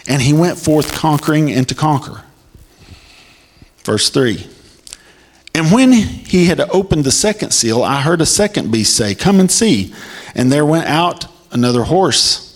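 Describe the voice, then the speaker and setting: A man preaching a sermon, reading scripture and commenting on it emphatically, his voice climbing high in excitement and now and then breaking into a shout. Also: unhurried. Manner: emphatic, pitch swings high when excited.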